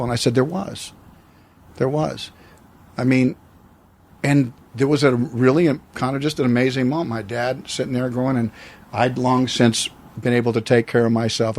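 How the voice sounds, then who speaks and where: A man's voice: medium pitch, a little mellow. A man in his sixties from the United States, telling a personal story as an interview guest, reflective and rambling with many restarts. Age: 60s.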